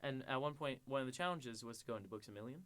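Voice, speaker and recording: A man's voice: mid-range voice, rapid-fire, fairly bright tone. A young man co-hosting a podcast, telling crude stories in casual chat and laughing as he acts out the people in them. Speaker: podcast co-host.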